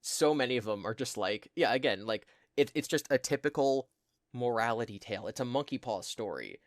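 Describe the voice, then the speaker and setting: A man's voice: mid-range voice, lively intonation, a little fast, no room sound, clean studio sound. A man co-hosting a podcast, casually recounting a story in a rambling way, full of fillers and mocking quoted voices. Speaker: podcast co-host. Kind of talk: casual chat, retelling a story.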